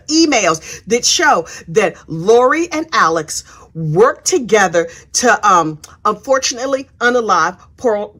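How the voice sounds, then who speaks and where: A woman's voice: medium pitch, fairly bright tone. A woman giving a sassy, chatty, casual recap of a trial, acting out the people she quotes. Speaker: true crime commentator. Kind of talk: casual true crime recap.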